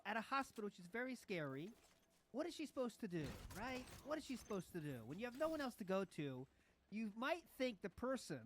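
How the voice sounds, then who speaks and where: A man's voice: high voice, fairly bright tone. A man giving sarcastic reaction commentary on a clip he plays, mocking the speaker with laughing asides.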